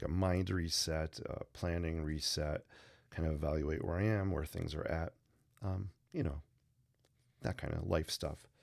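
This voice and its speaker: Tired, stuffy low-voiced man, gravelly. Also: a little mellow. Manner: loose, unrehearsed, chatty with viewers. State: tired, stuffy from sinus trouble. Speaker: sketching livestream host. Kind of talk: casual livestream chat. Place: home desk. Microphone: desk microphone.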